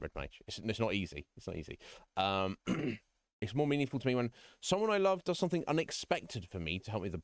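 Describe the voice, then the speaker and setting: A man's voice: fairly low pitch, no echo, studio quality. A man live-streaming from home, chatting casually with viewers in a frank, rambling way, often breaking into chuckles. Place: home room.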